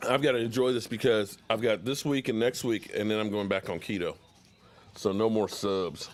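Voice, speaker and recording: A man's voice: lowish voice, fairly even intonation, moderate pace. A man hosting a casual sports talk livestream, chatty and reading viewer comments aloud. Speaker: podcast host.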